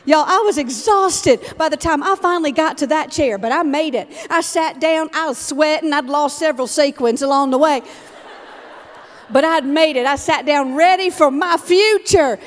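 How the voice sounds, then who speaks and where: A woman in her fifties giving a humorous storytelling keynote as a motivational speaker, told in an animated comic way. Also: high voice, moderate pace. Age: 50s. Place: large event hall. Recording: long hall reverb from a live keynote.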